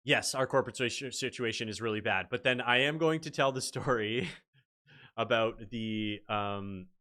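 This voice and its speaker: Animated man hosting a livestream. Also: medium pitch, normal speed. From Canada. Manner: animated storyteller reading chat aloud. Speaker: livestream host. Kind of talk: casual livestream commentary.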